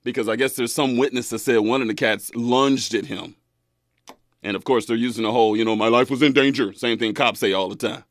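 A man in his twenties hosting a talk radio show, animated and folksy, laughing often. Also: mid-range voice, fairly quick, no echo, studio quality. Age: 20s.

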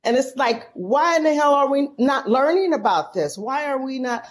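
A woman from San Francisco, a guest in an interview, telling a story in a folksy, animated and emotional way. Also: high-pitched, normal speed. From San Francisco, California. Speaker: podcast guest, professor.

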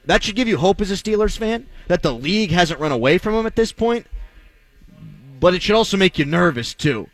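A man's voice: high voice, expressive, brisk, faint music behind. A man hosting a sports talk radio show, delivering a blunt, sarcastic, opinionated monologue.

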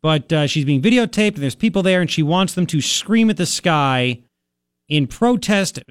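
A man hosting a talk radio show, mocking and sarcastic, with animated outbursts. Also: a little high, normal speed, clear, resonant tone, no echo.

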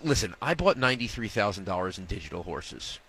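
Animated joking man telling stories. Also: lowish voice. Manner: quick, jokey, acts out his wife in the story. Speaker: sports business reporter, guest. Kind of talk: animated interview storytelling. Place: radio row booth at a live event.

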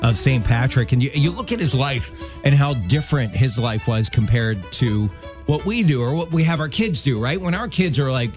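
A man's voice: medium pitch, lively intonation, moderate pace, soft background music. A man co-hosting a Christian morning radio show, telling stories in a loose, jokey, chatty way from a studio mic. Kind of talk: casual morning show banter. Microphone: studio microphone.

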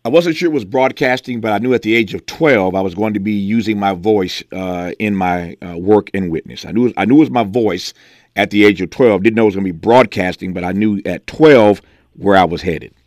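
A man with a fairly low voice hosts a radio talk show, speaking close to a studio mic in a dry booth. He is earnest and measured, steering the conversation and adding reflective personal asides. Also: no echo. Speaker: radio host.

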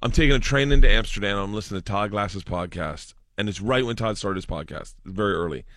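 A man's voice: lowish voice, fast talker, fairly bright tone, dry recording, studio quality. A man telling a rambling story on a podcast, laughing as he talks. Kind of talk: casual storytelling.

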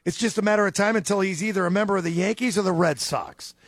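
A man's voice: high-pitched, fast, a bit bright, dry recording, clean studio sound. A man co-hosting a sports radio show, needling with wry rhetorical questions. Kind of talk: casual sports talk radio banter.

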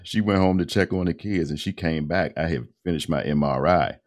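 A man in his fifties, a radio host and voice-over artist, telling his story in a casual, animated interview with colloquial phrasing. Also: very deep voice, fairly quick. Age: 50s.

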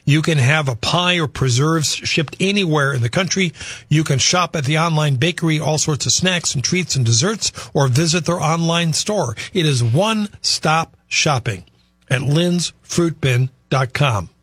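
A man's voice: a little high, animated, unhurried, fairly bright tone, slightly rough, no room sound. A man hosting a local radio show, chatting casually and reading promotions in an upbeat way. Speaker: radio host.

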